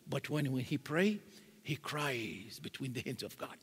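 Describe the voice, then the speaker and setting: A man's voice: mid-range voice, lively intonation, unhurried, a bit bright, husky. A man giving a live sermon in a large mosque hall, telling stories animatedly and quoting Arabic verses. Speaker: religious speaker. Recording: reverberant hall.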